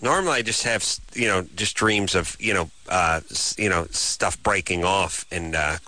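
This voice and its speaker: A middle-aged man co-hosting a radio show, talking in a wry, deadpan, rambling way with lots of fillers. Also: sits low, moderate pace, no room sound. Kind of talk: casual late-night radio banter.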